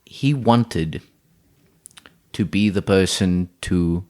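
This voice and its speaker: A deep-voiced man with a darkish tone speaks extremely slowly while co-hosting a podcast. He rambles through an improvised story, often restarting his sentences and laughing frequently.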